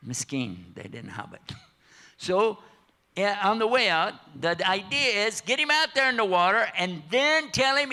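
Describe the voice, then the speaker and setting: This is an older male preacher at a mosque, his high-sitting voice moving at a measured pace. He tells the sermon as a lively, jokey story, bantering with listeners and performing the characters' parts.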